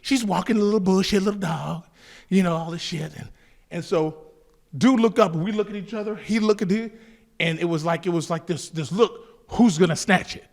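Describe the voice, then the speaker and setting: A man from Southern California telling a street story in an animated, profane, laughing way. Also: high voice, brisk, gravelly. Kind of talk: casual story told to camera.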